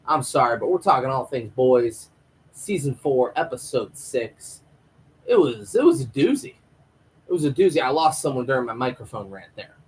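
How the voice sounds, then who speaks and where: A man's voice: medium pitch, sing-song, normal speed, husky, low-quality recording. A man hosting a live stream review of a TV episode, ranting and rambling in a casual, profane way into a home microphone.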